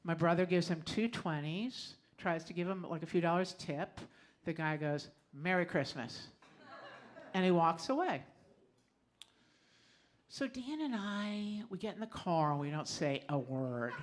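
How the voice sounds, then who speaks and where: A woman's voice: lowish voice, lively intonation, a little slow, slight background noise. A middle-aged woman performing a personal story live on a small club stage, conversational and often laughing as she tells it.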